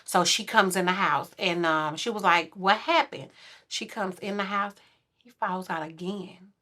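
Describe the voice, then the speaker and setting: A woman in her forties, a podcast guest, telling a story in casual chat and acting out quotes in a louder, higher voice. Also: steady tone, normal speed.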